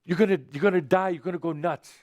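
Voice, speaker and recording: A man voicing a panicked, nagging human mind that scolds in rapid-fire questions. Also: high voice, fairly even intonation, darkish tone, dry recording, muffled recording, voice pushed up, lightly acted. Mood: frantic.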